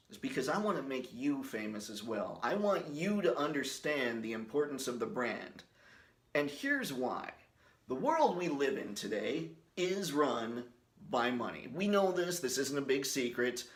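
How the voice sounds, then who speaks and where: A man's voice: mid-range voice, sing-song, a little slow, reverberant. A man hosting his company's video series, talking straight to camera in a goofy, shameless way. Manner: goofy, shameless, breaks into silly voices. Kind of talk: jokey direct-to-camera talk with impressions.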